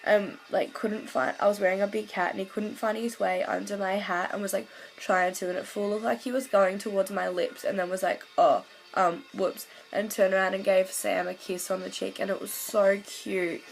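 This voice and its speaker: A woman's voice: mid-range voice, flat delivery, creaky, faint music behind, low-quality recording. A woman, telling a fan story in casual vlog chat, gushing along with lots of "like" fillers. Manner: gushing, fast-flowing recount full of "like" fillers. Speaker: vlogger.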